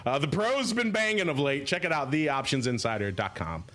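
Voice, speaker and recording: Animated, digressive male podcast host. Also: a little high, a little fast. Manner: animated, digressive, quotes movie lines. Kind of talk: casual podcast banter.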